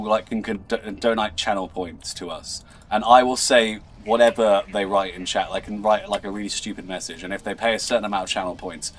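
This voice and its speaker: A man's voice: on the low side, a bit bright. Goofy man streaming a game. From England. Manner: playful and goofy, stammers and repeats words, laughs often. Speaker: livestream host. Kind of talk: casual gaming livestream chat.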